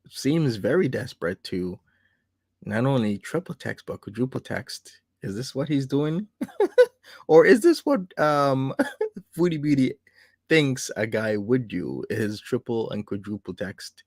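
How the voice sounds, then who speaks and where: A man hosting a casual livestream, talking in a sarcastic, chatty way and breaking into laughs. His voice sits at a middle pitch. The sound is dry and close, with little room around it. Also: big pitch swings, unhurried, gravelly, darkish tone, no room sound. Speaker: livestream host.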